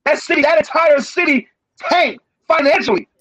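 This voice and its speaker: A man's voice: very high-pitched, lively intonation, moderate pace, over a noisy crowd, low-quality recording. A man in a heated sports debate, emphatic, repeating himself and talking over the others.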